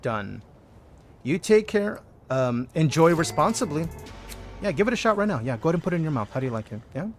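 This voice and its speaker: A man streaming a game, chatting playfully with the characters in casual commentary and breaking into loud bursts of excitement. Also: fairly high pitch, brisk, soft background music.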